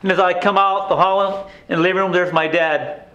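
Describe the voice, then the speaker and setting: An actor playing a haunted male inmate reliving his painful youth, telling it in a halting, emotional theatrical monologue with stammered restarts. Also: high voice, fairly even intonation, a bit bright, lo-fi sound. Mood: tender.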